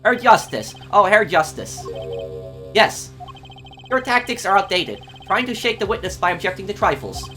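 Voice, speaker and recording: In a let's play, a man reads game dialogue as an arrogant young male prosecutor with showy rock-star swagger, attempting a German accent that keeps slipping. His smug, heavily acted voice is high, sing-song, bright and pushed up, at a moderate pace, over soft background music.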